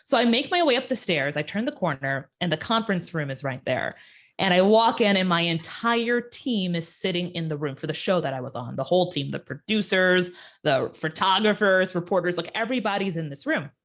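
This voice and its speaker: Animated woman telling a personal story. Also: a little fast. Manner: animated, acts out quotes with sudden pitch jumps. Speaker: guest storyteller.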